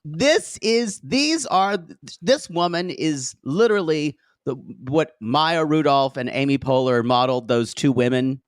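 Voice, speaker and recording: A man co-hosting a reality TV podcast, talking in an animated, giggly, gossipy way. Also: a little high, unhurried, few pauses, clear, resonant tone, no echo, studio quality. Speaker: podcast co-host. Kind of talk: casual chat.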